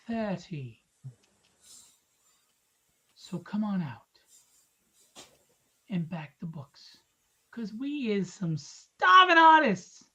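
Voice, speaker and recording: A man's voice: high-pitched, fairly bright tone, lo-fi sound. A man hosting a live drawing stream, chatting casually and rambling through jokes and plugs. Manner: joking, rambling, teasing.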